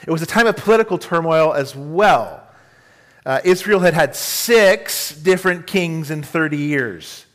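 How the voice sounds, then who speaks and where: A middle-aged male pastor preaching in a church, his voice sitting a little high for a man. He speaks earnestly and tenderly, and keeps turning to the congregation with questions. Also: lively intonation, measured pace, a bit bright. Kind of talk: sermon.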